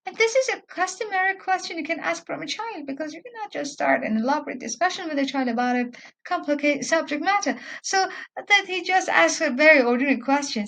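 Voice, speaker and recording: A woman teaching literature, patiently explaining a poem and slowing down to stress quoted lines. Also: high voice, a bit bright. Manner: patient, repeats words while explaining. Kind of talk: explanatory lecture with poem reading.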